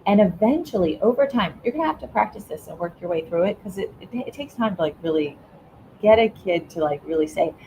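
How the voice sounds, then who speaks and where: A woman's voice: mid-range voice, fairly quick, noisy background. A woman, a school educator, answering interview questions in a conversational way and acting out what she says to children. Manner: animated explainer, acts out quotes.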